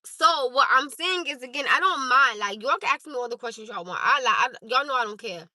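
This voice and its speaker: A woman's voice: sits high, lively intonation, brisk, bright, forceful tone, no room sound, poor audio. A woman from Newark, New Jersey, with a Newark accent, hosting a livestream from her parked car and talking candidly and directly to her viewers on a phone. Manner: direct and candid, talks straight to the chat. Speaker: livestream host. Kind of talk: casual chat to viewers.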